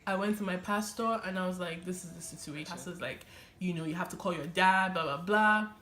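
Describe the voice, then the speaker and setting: A young woman telling her personal testimony in an animated, casual way, often laughing and using fillers. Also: on the low side, brisk, a little hiss or hum. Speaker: vlogger sharing her testimony. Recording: echoey room.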